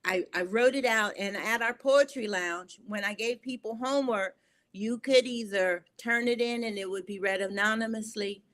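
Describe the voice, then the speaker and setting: An earnest woman speaking as an interview guest, her voice pitched in an ordinary middle range. She tells her stories with feeling, pausing on fillers as she gathers her thoughts. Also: fairly bright tone. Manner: earnest, emotional, halting with fillers. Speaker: guest, poet and filmmaker. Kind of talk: storytelling interview talk.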